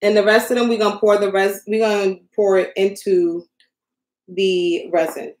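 Speaking at a normal pace in a mid-range, slightly mellow voice with little pitch movement, a young woman crafts on a casual live stream in her home craft room. She chats with viewers, gets flustered, and mocks herself jokingly, with roomy echo around her.

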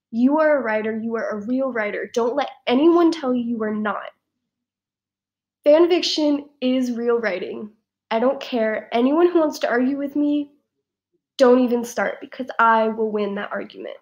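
A woman's voice: on the high side, a little mellow. A woman vlogging an unboxing in a casual, emphatic way, repeating herself and laughing between words. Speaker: fan fiction writer and vlogger.

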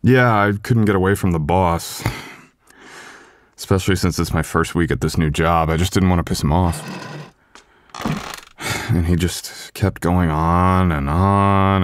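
Low-voiced anxious husband guy played by a man, stammers a lot, soothing, asmr boyfriend roleplay, dry close mic. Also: no room sound. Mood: casual. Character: loving young husband, anxious and apologetic. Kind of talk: ASMR boyfriend role-play.

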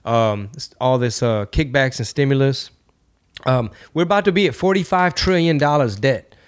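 A man hosting a podcast in loose, profane casual chat. His voice sits at an ordinary middle pitch, and he keeps riffing, sliding into quick mock voices for his bits. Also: smooth. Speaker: podcast host and comedian.

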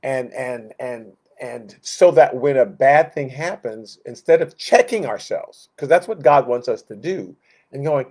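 This Bible study leader has a medium-pitched voice and speaks a little slowly, teaching in a relaxed, conversational style. He's animated, asks rhetorical questions and often begins sentences again.

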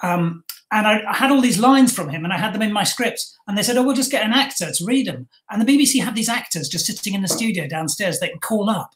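A man's voice: sits high, expressive, fast, few pauses, a bit bright. A man hosting a chat show, talking casually and often restarting his sentences. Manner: chatty, self-interrupting. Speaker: podcast host. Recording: roomy echo.

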